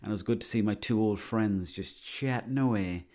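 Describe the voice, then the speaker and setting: A man's voice: fairly low pitch, moderate pace, darkish tone. A man telling a rambling, boastful comic monologue, swearing freely.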